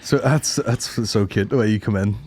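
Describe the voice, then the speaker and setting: A man's voice: on the low side, normal speed, husky. A man co-hosting a comedy podcast, chatting casually and joking while plugging tour dates. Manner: animated, jokey, plugging tour dates with sing-song emphasis. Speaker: podcast co-host.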